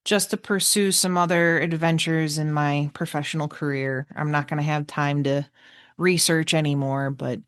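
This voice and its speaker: A woman's voice: low voice, fairly even intonation, normal speed, smooth, no room sound, studio quality. A woman with a New York accent, co-hosting a podcast in casual chat, laughing often. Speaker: podcast co-host.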